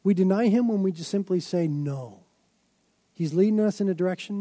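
High, mellow-voiced preacher. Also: male voice, brisk, no echo. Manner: dramatic storytelling, emphatic build-ups. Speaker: pastor. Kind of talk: sermon.

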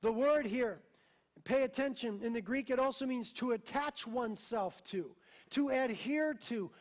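A young pastor delivers a sermon in a strikingly high voice for a man. He moves from quiet, intimate lines to loud, emphatic ones, always impassioned. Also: a little slow. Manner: impassioned preaching, swinging from hushed to emphatic.

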